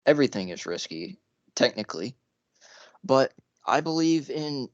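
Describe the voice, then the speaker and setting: A man's voice: medium pitch, no room sound. A young man co-hosting a podcast, giving earnest opinions in casual chat and laughing between points. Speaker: podcast co-host. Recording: dry, muffled mic.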